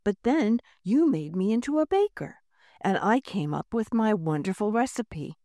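A cheerful male furnace machine turned baker, proud of his muffins and eager to please, as a woman reading a storybook puts him on. The voice bounces lively with a warm, soft tone, recorded dry and close. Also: medium pitch, moderate pace, no room sound, natural voice.

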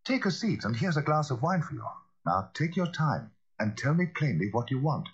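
A composed Victorian lawyer in his middle years, formal and gently commanding, as a male narrator puts him on. The voice sits raised and husky, with lively rises and falls. The recording is dull and lo-fi. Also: a little high, moderate pace, pitched above the performer's own voice, heavily acted. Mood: concerned.

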